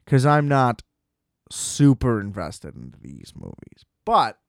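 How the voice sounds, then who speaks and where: A man's voice: mid-range voice, wildly swooping pitch, slow pace, no echo, clean studio sound. A man co-hosting a casual movie podcast. He rants with a lot of swearing and laughs at his own complaints. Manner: ranting, profane, laughing at his own gripes. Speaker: podcast co-host.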